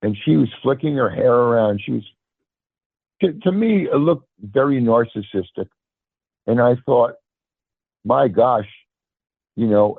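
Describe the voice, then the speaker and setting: Man, caller, hesitant and stumbling, middle pitch, thin phone-line sound. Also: dry recording. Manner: hesitant, restarts words often. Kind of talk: telling a personal story. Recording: phone line, dry and gravelly.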